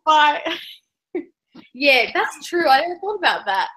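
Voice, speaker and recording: A woman's voice: high-pitched, very animated, unhurried, pushed and bright, poor audio. A woman chatting on a video call about a book, thinking aloud and swearing freely. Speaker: book club co-host. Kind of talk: casual video call chat.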